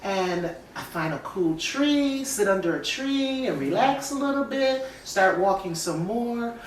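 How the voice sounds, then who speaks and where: A woman's voice: medium pitch, expressive, measured pace, slight background noise. A woman telling a personal story in a casual podcast chat, acting out quoted voices as she goes. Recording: echoey room, mic at a distance.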